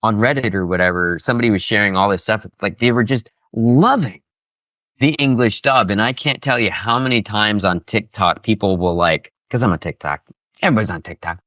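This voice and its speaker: Low-voiced animated male voice actor. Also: fairly quick, no room sound, dull audio. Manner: animated, expressive, enthusiastic. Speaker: voice actor guest. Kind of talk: casual interview chat.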